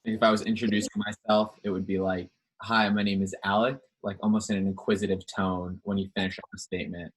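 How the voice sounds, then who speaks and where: Low, quick-talking man on a call. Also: level tone, breathy edge, poor audio. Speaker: workshop participant, startup founder. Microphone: video call.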